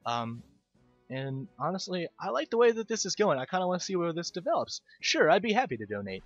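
A man's voice: high-pitched, sing-song, a little fast, no room sound, lo-fi sound, faint music behind. A man hosting casual game commentary, rambling, stumbling over words and poking fun at himself. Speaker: gaming video host.

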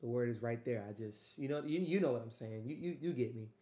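A man giving loose, animated, profane reaction commentary, trailing off and restarting. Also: medium pitch, fast. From Louisiana. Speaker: music reaction host. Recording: echoey room.

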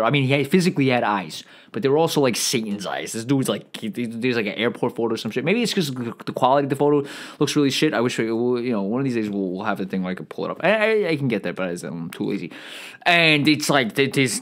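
A man's voice: mid-range voice, fairly bright tone. Rambling, profane male podcast host. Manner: profane, rambling, frequent restarts and stammers. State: feeling bloated and irritable. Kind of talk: rambling comedic monologue.

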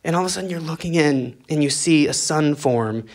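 A man's voice: on the high side, fairly quick. A man doing a stand-up comedy set, rambling through absurd ideas and chuckling at his own jokes.

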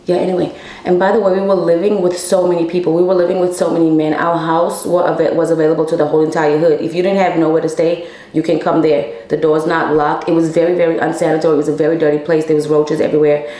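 Candid young woman with a low voice. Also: level tone, quick pace, mellow, reverberant, low-quality recording. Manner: candid, emotional, swears freely, addresses viewers as y'all. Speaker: vlogger telling a personal story. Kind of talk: casual storytime.

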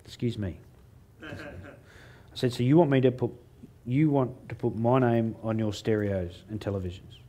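A man's voice: mid-range voice, normal speed, pauses often, mellow. A middle-aged Australian man giving a humorous talk on stage, telling a story and acting out the dialogue in a self-mocking way. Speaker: motivational speaker.

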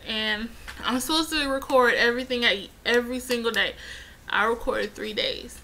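A woman's voice: a little high, moderate pace, bright, forceful tone, a little hiss or hum, rough recording. A young woman chatting casually in a vlog, rambling and getting heated as she retells events. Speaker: vlogger.

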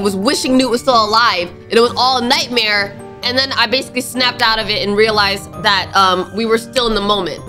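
A young woman playing a horror game on her channel, talking casually with slang, jumpy and dramatic, pleading when frightened and shouting at sudden scares. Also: a little high. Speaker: gaming YouTuber.

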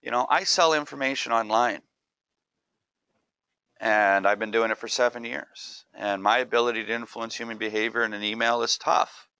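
A man's voice: medium pitch, fairly even intonation, moderate pace, bright, forceful tone, smooth, dry recording, studio quality. A middle-aged man hosting a marketing show, talking in a conversational, emphatic, plain-spoken way. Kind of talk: casual commentary.

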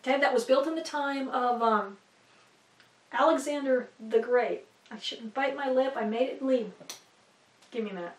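A woman's voice: high-pitched, moderate pace. A woman teaching about the Bible in a casual, rambling way, full of fillers and asides. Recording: echoey room, distant from mic.

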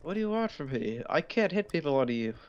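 A man's voice: on the high side, sing-song, lo-fi sound. Frustrated male gamer with faint music. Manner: frustrated, swearing at the game; quick live reactions during combat. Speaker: gamer playing with friends. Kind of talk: casual gaming chat.

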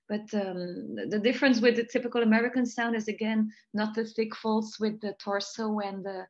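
A Belgian-accented woman talks through vocal technique over a video call, thoughtful and analytical. Her voice sits at an ordinary middle pitch for a woman. The call audio is slightly dull and muffled. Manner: thoughtful, analytical, light laughs between points. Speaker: jazz voice teacher and researcher. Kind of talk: online interview, analyzing singing technique.

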